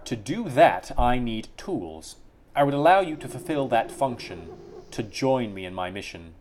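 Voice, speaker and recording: A man reading the lines of a cold, vengeful exiled sorceress in a slow, deliberate, menacing way. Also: mid-range voice, very animated, a little mellow, a little hiss or hum, lightly acted.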